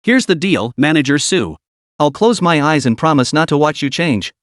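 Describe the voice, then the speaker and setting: A man's voice: on the high side, big pitch swings, brisk, fairly bright tone, no echo, clean studio sound. A man playing a cocky demon lord, offhand. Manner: offhand and bluffing, curt commands. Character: cocky young male demon lord in disguise.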